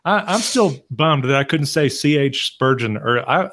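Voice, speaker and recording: A man's voice: medium pitch, animated, normal speed, fairly bright tone. A man, co-hosting a casual podcast as a pastor, joking and self-deprecating.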